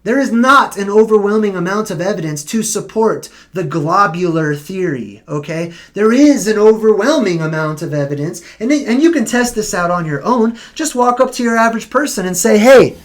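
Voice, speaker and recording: A live-streaming vlogger with a mid-range voice, talking straight to viewers in a casual, argumentative way. The delivery is emphatic and full of rhetorical questions. The speaker drags out key points slowly, then rushes ahead. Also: mid-range voice, lively intonation.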